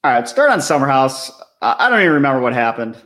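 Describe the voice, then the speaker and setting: Lively-pitched laughing man. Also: quick pace. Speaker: podcast co-host. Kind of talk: casual chat.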